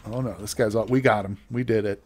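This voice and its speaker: A man's voice: fairly low pitch, steady tone, fairly quick, darkish tone. A man giving casual, chatty gameplay commentary as a let's play host, joking with his viewers as he plays.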